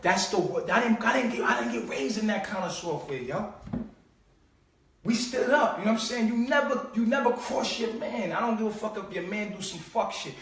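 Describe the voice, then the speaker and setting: A man with a high voice talks in a loose, streetwise live-stream rant, full of swearing and mockery. He drops to low mutters, then bursts out loud. He sounds far from the mic, in a room with a lot of echo. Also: animated, brisk, background noise. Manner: streetwise, profane, mocking, swings between low mutters and loud outbursts. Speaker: host. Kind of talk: casual live-stream monologue.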